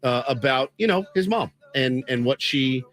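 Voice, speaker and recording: Sports radio co-host, man, mid-pitched voice, opinionated, studio mic. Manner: animated, opinionated, quick reactions. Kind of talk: sports talk radio banter.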